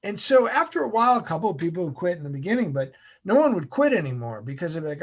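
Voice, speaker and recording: A middle-aged man, an interview guest, telling a story in an animated way and acting out the scenes. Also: high-pitched, fast talker, few pauses, husky.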